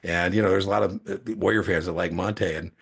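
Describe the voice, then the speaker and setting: A middle-aged man with a low, gravelly voice tells long anecdotes in loose conversation. His speech rambles, with frequent fillers and false starts, and his tone has a husky edge. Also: fairly even intonation, fast, a bit bright. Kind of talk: casual storytelling.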